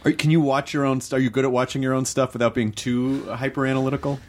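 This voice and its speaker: A middle-aged American man hosting a relaxed podcast interview. His voice sits at an ordinary male pitch. He jokes around and drops in quick asides as the talk moves along. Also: slight background noise. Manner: joking, talks over with quick asides. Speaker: podcast host. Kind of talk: casual podcast chat.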